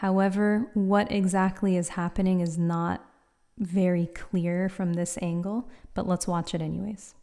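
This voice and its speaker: A woman teaching pronunciation in a patient, clear instructional style, demonstrating sounds aloud. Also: on the low side, flat delivery, unhurried, mellow. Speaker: Quran recitation teacher. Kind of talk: instructional explainer.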